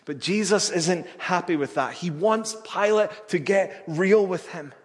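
Male preacher, earnest and emphatic sermon delivery, slightly high voice, echoing church hall. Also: measured pace.

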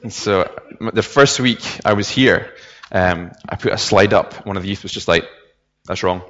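Hesitant man preaching, deep voice. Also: normal speed, fairly bright tone, dull audio. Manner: hesitant, many fillers and repeated words. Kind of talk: church sermon with scripture reading.

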